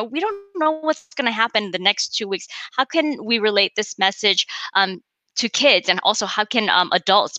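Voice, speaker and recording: A woman's voice: mid-range voice, pushed and bright, no room sound. A woman telling family stories and faith thoughts in casual chat, with lots of fillers. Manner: chatty storyteller, many fillers.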